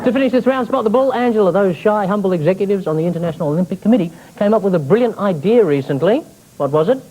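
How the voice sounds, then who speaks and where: A man's voice: high-pitched, lively intonation, rapid-fire. A man hosting a topical comedy quiz show, delivering scripted jokes with wry mock seriousness. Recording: noisy old TV broadcast recording.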